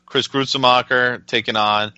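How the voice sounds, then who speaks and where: Bright-voiced man hosting a fight podcast. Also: medium pitch, steady tone, moderate pace, clear, resonant tone, no echo, highs cut off. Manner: runs the segment, hands the turn to others. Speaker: podcast host, moderator. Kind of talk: casual podcast chat.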